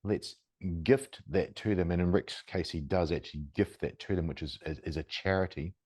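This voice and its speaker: A man's voice: low voice, moderate pace, darkish tone, slightly rough, no room sound, studio quality. A man hosting a podcast interview, talking in a conversational, rambling way and praising his guest. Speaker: podcast host. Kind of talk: casual interview talk.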